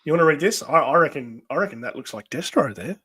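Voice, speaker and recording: A man's voice: fairly high pitch, animated, quick pace, bright, forceful tone, husky. A man hosting a casual live comic read-along, chatty and full of fillers. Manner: chatty, hesitant with many fillers. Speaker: host.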